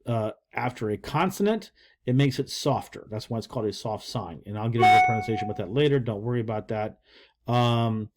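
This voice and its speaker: A man's voice: medium pitch, darkish tone. An older man talks through a casual video lesson as a language teacher. He rambles along with folksy jokes and asides, with plenty of fillers between points.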